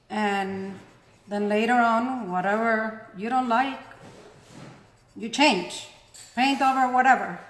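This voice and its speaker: A woman's voice: a little high, reverberant, slight background noise. A woman with a non-native English accent, chatting casually as she demonstrates a painting technique. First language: not English. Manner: chatty, self-deprecating, talks while working. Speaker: craft tutorial host.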